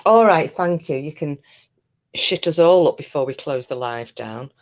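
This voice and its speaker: A woman's voice: low-pitched, animated, moderate pace. Woman, British accent, live-stream host, casual chat, nervous and giggly, talking from home. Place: home sofa.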